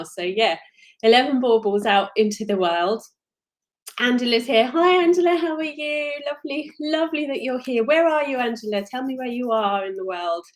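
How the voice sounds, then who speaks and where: A woman with a British accent, a crochet designer hosting a casual live stream, talking in a rambling, chatty and apologetic way. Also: fairly high pitch.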